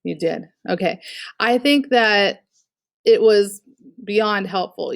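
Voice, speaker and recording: A woman with a medium-pitched voice and no echo teaches an online art class over a video call, speaking into a computer mic. She critiques student artwork in an encouraging but direct way, using frequent fillers.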